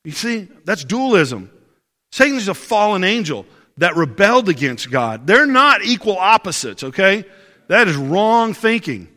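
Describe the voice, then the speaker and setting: Bright-voiced pastor preaching in a hall. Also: male voice, sits high, big pitch swings, measured pace. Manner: conversational storytelling with rhetorical questions. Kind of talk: sermon. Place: church service.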